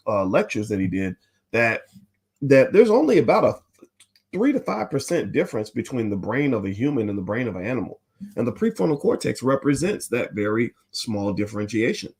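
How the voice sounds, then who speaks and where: Animated man hosting a livestream. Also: mid-range voice, husky. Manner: animated, preachy, addresses chat directly. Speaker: host. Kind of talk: livestream commentary.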